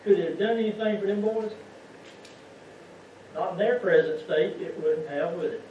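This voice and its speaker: A man's voice: high voice, moderate pace, a little hiss or hum. A man gives a folksy sermon as a lay preacher, often putting questions to the congregation. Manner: folksy, keeps asking the congregation rhetorical questions. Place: church sanctuary. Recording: echoey, muffled church sound from far off.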